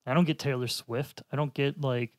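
A man's voice: medium pitch, steady tone, normal speed. A man co-hosting a podcast in casual chat, with a wry, joking manner. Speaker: podcast co-host.

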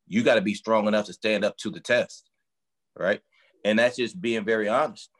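A man speaks in a somewhat low register, relaxed yet emphatic. He explains his coaching work through vivid everyday comparisons, in loose conversational interview talk. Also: normal speed. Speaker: strength and conditioning coach for boxers.

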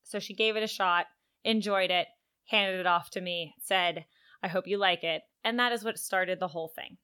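A woman co-hosting a book podcast in casual chat, relaxed and agreeable. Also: fairly low pitch, normal speed, clean tone. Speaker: podcast co-host.

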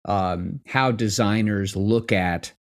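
A man's voice: fairly low pitch, takes it slowly. Hesitant, thoughtful man in casual chat. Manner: thoughtful, hesitant, many fillers and restarts. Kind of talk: casual chat about tabletop games.

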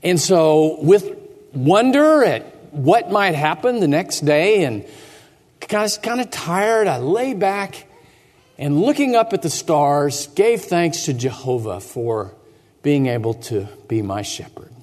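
High, lively-voiced man telling a story. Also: slow. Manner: theatrical, drops to hushed tones and asks the children questions. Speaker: pastor. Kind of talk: dramatic first-person storytelling for children. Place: church sanctuary. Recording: echoey church hall.

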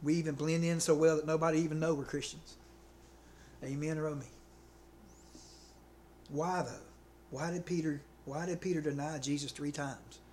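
A man's voice: on the high side, steady tone, normal speed, long pauses, a little mellow, slight background noise. Conversational preacher, man. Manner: conversational, checks in with "okay" and "right". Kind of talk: sermon.

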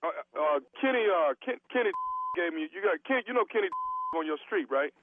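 A man's voice: sits high, very animated, a little fast, creaky, voice pushed up, heavily acted. A man playing a chatty male neighbor on a prank phone call, rambling and stumbling over names. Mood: friendly pitch. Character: chatty male neighbor inviting folks to a fight party. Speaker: prank caller. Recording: tinny phone line.

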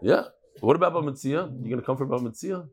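Man, hoarse from a cold, rabbi, casual Talmud lesson, chatty, quick asides to listeners, middle pitch. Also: lively intonation, darkish tone. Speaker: rabbi teaching a daily Talmud class.

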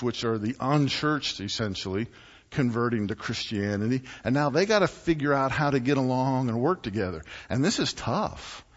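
A man preaching a sermon as pastor, telling stories and acting out quotes with animated delivery. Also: medium pitch, breathy edge. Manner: animated storytelling with acted-out quotes. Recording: muffled sound in a reverberant hall.

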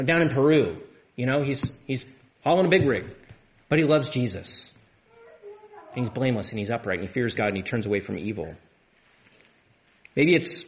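A man preaching a sermon as pastor of a church, in a conversational way, often repeating and restarting words. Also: fairly high pitch.

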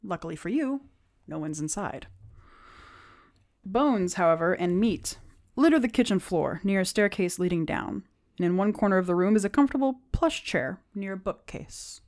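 A woman narrating a tabletop game as its game master. She describes rooms and sounds in detail and pauses often with fillers. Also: mid-range voice, expressive, darkish tone.

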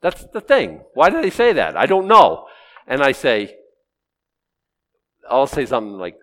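A middle-aged man preaching an expository sermon, conversational and humorous, swinging from loud outbursts to low asides. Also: sing-song, unhurried, pauses often.

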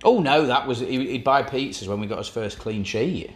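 A man's voice: medium pitch, expressive, normal speed. Dry-humoured man. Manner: dry teasing banter. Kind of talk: casual chat.

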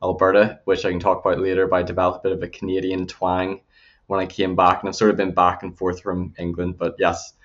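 A man's voice: deep voice, monotone, fast. A young man with a Northern Irish accent, talking earnestly as an interview guest, with frequent fillers. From Northern Ireland. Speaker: guest, YouTube channel creator. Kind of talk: casual interview conversation. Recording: slightly dull lo-fi audio.

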